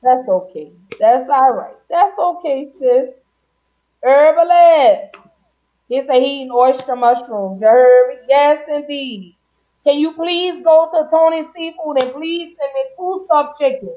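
A woman from Louisiana hosting a podcast in casual chat, playful and warm-hearted, singing out her greetings. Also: high-pitched, moderate pace. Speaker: podcast host. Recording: dull lo-fi sound.

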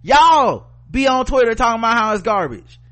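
This Southern-accented man co-hosting a podcast has a very high-pitched, very animated voice with a fairly bright tone at normal speed. He reads news aloud and rants with heat and sarcasm, cursing freely throughout his opinion segment.

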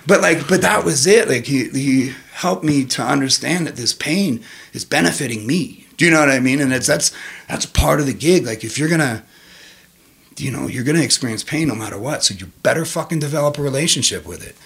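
A man telling personal stories in casual chat. He is animated and profane, and his voice jumps high when he quotes himself. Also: fairly quick, vocal fry.

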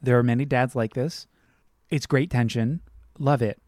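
Man, film podcast co-host, heated rant, swearing, medium pitch, dry close mic. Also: normal speed, a little mellow, no echo. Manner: heated, ranting, swears freely. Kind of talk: casual film review chat.

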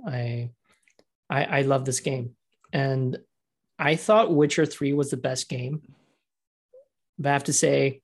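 A man co-hosting a podcast in casual chat, excitable, laughing often and restarting his sentences. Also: mid-range voice, takes it slowly, long pauses. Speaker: podcast co-host.

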